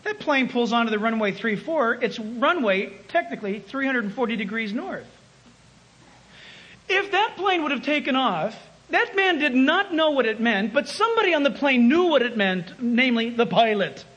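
A man preaching a sermon, emphatic, swinging between loud calls and hushed asides. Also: very high-pitched, big pitch swings, moderate pace, slightly rough, dull audio.

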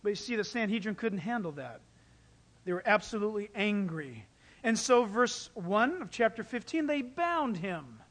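High-voiced man preaching a lively sermon. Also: normal speed. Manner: animated storytelling, acts out quotes. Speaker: pastor.

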